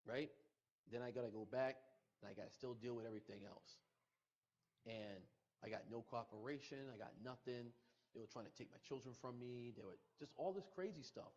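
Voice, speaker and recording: A man's voice: mid-range voice, fairly quick, darkish tone. A middle-aged man, a podcast guest, retelling a painful personal loss with emotion, repeating himself and quoting what people said. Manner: emotional, repetitive retelling with quoted dialogue. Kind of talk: personal storytelling. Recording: muffled podcast audio.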